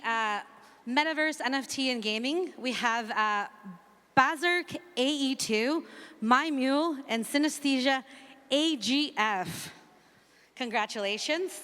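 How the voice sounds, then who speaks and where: A woman's voice: high-pitched, bright, forceful tone. A woman hosting a ceremony on a conference stage, announcing finalists in an upbeat way with fillers between names. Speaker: ceremony host. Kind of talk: announcing winners at a live event. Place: large conference hall stage. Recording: reverberant large hall.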